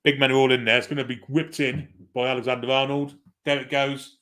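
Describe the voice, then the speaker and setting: A man's voice: mid-range voice, flat delivery, brisk, fairly bright tone. A man hosting a live football watchalong, giving casual play-by-play, swearing freely and reading out viewer comments. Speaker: host of a football watchalong stream.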